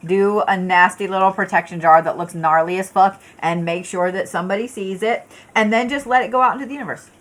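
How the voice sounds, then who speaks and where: A woman's voice: medium pitch, brisk, hardly any pauses. Blunt, casual woman reading tarot. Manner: casual, blunt and profane, chatty with viewers; frequent fillers and restarts. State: yawning, tired. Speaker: tarot reader. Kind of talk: live tarot card reading.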